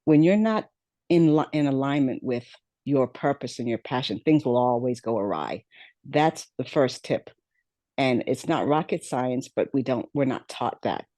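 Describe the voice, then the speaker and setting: A woman's voice: very deep voice, lively intonation, a little slow, dark tone, dry recording. A middle-aged woman, a podcast guest, telling her life story in a conversational way with many fillers and acted-out quotes.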